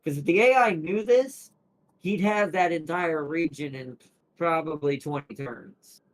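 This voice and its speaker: Rambling streamer man, pitched a bit high. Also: a little slow, poor audio. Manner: rambling, restarts sentences, laughs often. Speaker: gaming streamer. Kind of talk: casual gameplay commentary.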